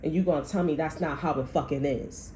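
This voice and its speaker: A woman's voice: low-pitched, steady tone, fairly quick, very noisy. A woman tarot reader delivering a blunt, heavily profane, heated rant about what spirit is telling her. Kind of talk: channeled reading rant.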